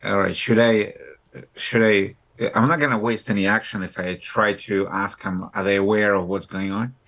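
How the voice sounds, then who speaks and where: A man with a lowish voice plays in a tabletop game. He stops to double-check the map and rules, hesitating before he commits. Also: fairly even intonation, normal speed, a bit bright. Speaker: player.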